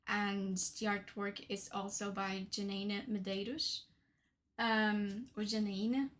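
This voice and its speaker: A woman's voice: mid-range voice, little pitch movement, slow, fairly bright tone. A young woman from Portugal chatting casually about her tarot decks, with frequent fillers and tag questions. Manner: chatty, many fillers and "right?". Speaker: tarot deck reviewer. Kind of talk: casual deck showcase.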